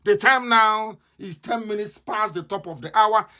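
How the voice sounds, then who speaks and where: A man's voice: sits high, normal speed, pushed and bright. Fiery man broadcasting. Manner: impassioned, repetitive, mocking. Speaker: radio broadcaster. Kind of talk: live radio broadcast monologue.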